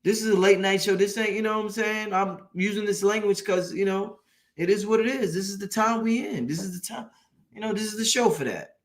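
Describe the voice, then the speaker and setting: A man's voice: high voice, a little fast. A man hosting a late-night online show, giving an emphatic, preachy motivational talk that repeats points and swears casually. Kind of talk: motivational live-stream talk.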